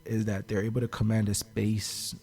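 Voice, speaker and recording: A man talking as a podcast guest, thoughtful and measured, often pausing on fillers. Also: on the low side, completely flat delivery, a little mellow. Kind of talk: casual podcast discussion.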